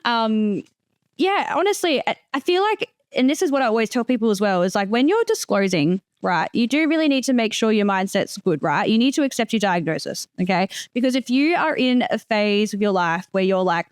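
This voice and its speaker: A woman's voice: fairly high pitch, animated, a little fast, clear, resonant tone, dry recording, studio quality. A woman hosting a podcast, talking frankly and chattily, swearing casually. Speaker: podcast host.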